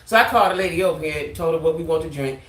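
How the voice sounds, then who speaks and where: A woman vlogger telling a casual storytime tale, animated, ending her lines with "right?". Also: low voice, rapid-fire, echoey room.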